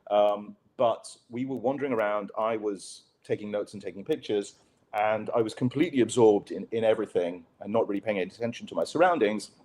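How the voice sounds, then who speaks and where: Low-voiced man telling a candid story. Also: a little fast, darkish tone. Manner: candid, self-deprecating anecdote telling. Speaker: guest journalist. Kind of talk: conversational storytelling.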